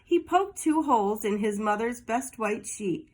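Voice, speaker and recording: Slow, animated storybook reader woman. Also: a little high. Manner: slow, animated read-aloud for kids. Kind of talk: reading a children's picture book aloud.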